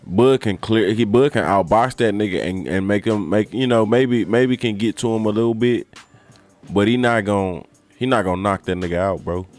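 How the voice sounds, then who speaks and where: A man's voice: moderate pace, soft background music. A man co-hosting a podcast, chatting casually about boxing in heavy slang and cursing freely. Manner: animated, slangy, swears a lot, mimics people in a high voice. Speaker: podcast co-host.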